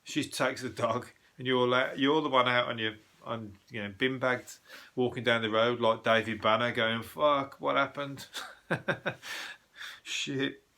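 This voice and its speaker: Sweary rambling man, bright voice. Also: medium pitch, steady tone. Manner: sweary, rambling, puts on quick voices for people he mocks. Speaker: podcast host. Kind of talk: profane comic news rant.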